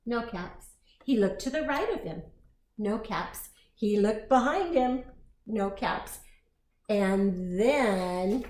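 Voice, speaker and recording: A woman teacher reading a picture book aloud to young children, expressive and slow, with asides to her listeners. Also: sits high. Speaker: preschool teacher storyteller. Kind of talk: read-aloud storytime for children. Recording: echoey room, faint noise.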